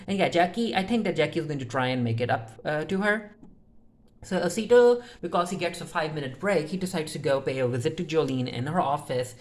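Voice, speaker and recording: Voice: medium pitch, lively intonation, brisk, a little mellow. Chatty TV recap reviewer, mid-height voice. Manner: retells scenes in the characters' voices with "he's like" and "she's like"; loose and unscripted, with frequent "uh" fillers and restarts. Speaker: TV episode reviewer. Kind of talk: casual spoken episode recap.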